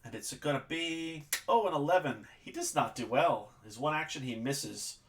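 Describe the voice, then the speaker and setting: A man narrating as game master of a tabletop game, animated and quick to laugh. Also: fairly high pitch.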